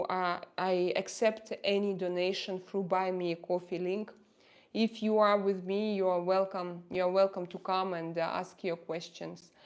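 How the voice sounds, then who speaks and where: Russian-accented woman hosting a casual livestream, halting and searching for words. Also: medium pitch, clean tone. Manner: hesitant, searching for words with many fillers. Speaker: livestream host reading viewer chat.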